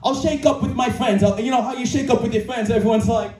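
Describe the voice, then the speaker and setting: A man's voice: extremely high pitch, fairly even intonation, fast talker, a little mellow. A man giving a personal motivational talk at a live event, earnest and emphatic, often repeating his key phrases. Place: indoor creative venue, live audience. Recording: echoey room from far off, faint music.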